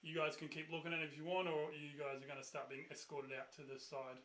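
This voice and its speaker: A man runs a tabletop game, narrating the scene in a loose, rambling way full of fillers and sudden loud bursts for characters. His voice sits fairly high and bright, and the room around him sounds echoey. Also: flat delivery, fast talker. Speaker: game master.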